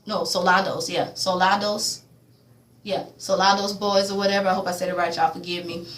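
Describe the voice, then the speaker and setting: A woman casually recapping a TV episode in slangy talk, acting out the characters' lines with loud reactions. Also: on the low side, quick pace, reverberant. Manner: animated, slangy, acts out quotes. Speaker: TV recap vlogger.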